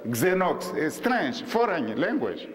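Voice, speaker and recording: Guy lecturing slowly, lots of pauses, big echoey hall. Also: on the high side, big pitch swings. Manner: halting, repetitive, with many pauses and rhetorical questions. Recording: reverberant hall, faint noise.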